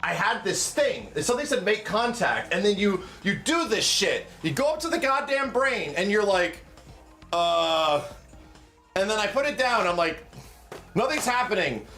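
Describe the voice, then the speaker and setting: A man hosting a stream, swearing and telling an animated, excitable story in casual chat. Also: sits high, normal speed, faint music behind. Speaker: streamer host.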